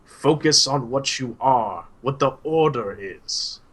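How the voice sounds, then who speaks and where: Man voicing a frail kindly old teacher, slow, gently chiding, tabletop roleplay. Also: medium pitch, lively intonation, voice pushed up. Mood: earnest. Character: kind frail old male teacher, hunched with a cane.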